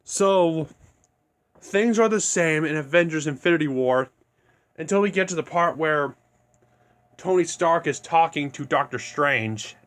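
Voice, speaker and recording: A man's voice: on the high side, animated, measured pace, a bit bright. A young man casually telling a made-up fan story, rambling and restarting his sentences as he goes. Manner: rambling, restarts often, unscripted. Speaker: video creator.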